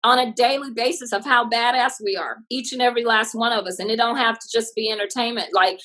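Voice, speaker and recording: A woman comedian from Texas, telling stories in a lively interview. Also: on the high side, fast, poor audio. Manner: lively, acts out voices in her stories. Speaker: comedian guest. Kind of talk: animated storytelling interview.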